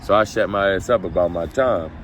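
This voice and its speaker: Low-voiced man telling a profane story. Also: fairly quick, a little hiss or hum. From Baltimore. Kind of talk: casual storytime.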